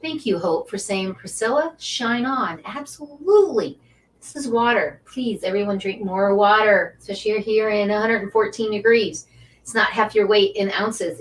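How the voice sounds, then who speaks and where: A woman's voice: mid-range voice, normal speed, a bit bright, recorded from a distance. A woman hosting a casual live stream, chatty and effusive, cheering on and encouraging her viewers. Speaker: angel card reader and Reiki teacher hosting a live stream.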